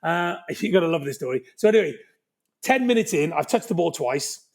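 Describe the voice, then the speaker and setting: A man in his fifties with a Cardiff Welsh accent, telling anecdotes with lively energy. His voice sits fairly high for a man, and he keeps checking in with his listener as he goes. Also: brisk. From Wales. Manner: animated, lively anecdote-telling with frequent "right?". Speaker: guest. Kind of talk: podcast interview storytelling.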